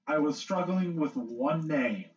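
A man's voice: fairly high pitch, animated, unhurried. Young male co-host, earnest, defends his points; dull, off-mic recording. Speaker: podcast co-host. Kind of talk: casual chat. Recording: distant, dull-sounding mic.

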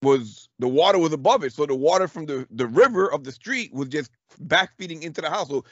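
A man in his thirties telling a story in casual chat. He is animated, swears freely, laughs often and acts out what people said. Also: fairly high pitch, a little fast, slightly rough, dry recording. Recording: dull, dry lo-fi recording.

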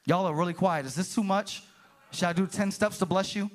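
Speaking fairly quickly in a high voice, a male pastor delivers a passionate sermon to his congregation in a church sanctuary. He calls out to the room, his voice rising and falling.

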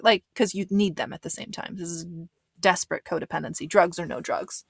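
A woman's voice: fairly low pitch, fairly even intonation, fairly quick, gravelly, a bit bright, dry recording. A woman giving a casual recap commentary of a reality show, blunt and swearing, with lots of fillers. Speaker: reaction commentator.

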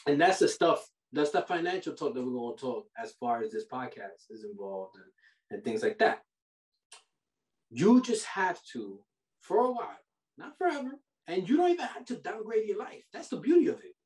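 Man, podcast host, slangy, animated and preachy, voice a bit high, recorded off-mic. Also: moderate pace, recorded from a distance. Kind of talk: casual money-advice chat. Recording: roomy sound from off the mic.

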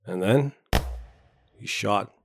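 A man narrating a short story in a measured, even storytelling voice on a close mic. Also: lowish voice, creaky, dry recording, soft background music. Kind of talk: audiobook narration.

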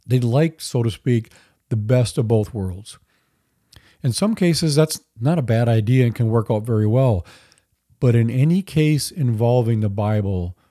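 A man talks through a solo faith podcast in an earnest, conversational way, dropping dry little asides. His voice is very dark and mellow at a middling pitch. The recording is dry and close. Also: no room sound. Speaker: podcast host. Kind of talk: solo Christian apologetics podcast.

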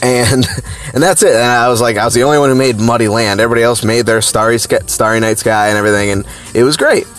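A man telling a personal childhood story in a rambling, animated way, with lots of fillers and restarts. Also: mid-range voice, fast talker, faint music behind.

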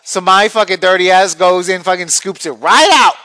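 A man's voice: high voice, normal speed, bright, forceful tone, dry recording. A man telling a crude comic story, acting out other people's voices with big jumps.

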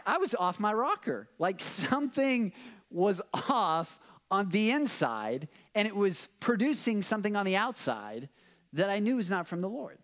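Man preaching a casual sermon. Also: sits high. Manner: casual, animated storytelling with many fillers. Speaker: pastor.

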